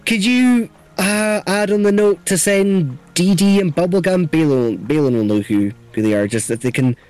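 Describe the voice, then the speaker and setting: Stammering man with lively jumps. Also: moderate pace. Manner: stammering, restarts often, jumps high in pitch. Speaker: player. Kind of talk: casual tabletop game chat with in-character lines. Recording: faint music behind.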